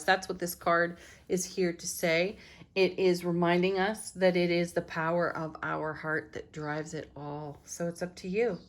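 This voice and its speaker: A woman giving a gentle, affirming tarot reading, moving from card to card. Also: lowish voice. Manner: gentle, affirming, laughs softly between cards. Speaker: tarot reader.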